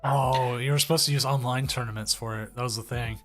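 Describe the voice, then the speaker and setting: A man's voice: mid-range voice, a little fast. A man co-hosting a card tournament stream, chatting casually and repeating words as he goes. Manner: relaxed, hesitant, repeats words. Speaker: stream co-host running the tournament. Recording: faint music behind. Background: faint music.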